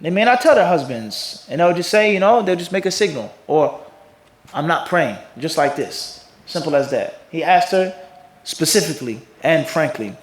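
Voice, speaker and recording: A man's voice: on the high side, animated, normal speed. A man teaching an Islamic lecture, posing rhetorical questions to his audience and mimicking others sarcastically. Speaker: mufti teaching hadith. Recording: echoey room.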